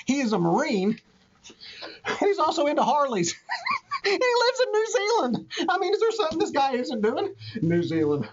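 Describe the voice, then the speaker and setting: Excitable man laughing at his own jokes. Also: very high voice, normal speed. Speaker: comedy creator telling dad jokes. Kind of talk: comic monologue to a doorbell camera. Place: outdoors at a front door. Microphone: doorbell camera. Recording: muffled doorbell camera audio with faint noise.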